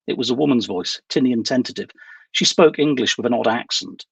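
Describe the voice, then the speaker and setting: A man reads aloud from his own novel, his voice deeply husky with a gravelly edge. His pitch moves a lot as he tells the story, and the sound is dry and close, with no room around it. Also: a little fast, dry recording, low-quality recording. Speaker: author.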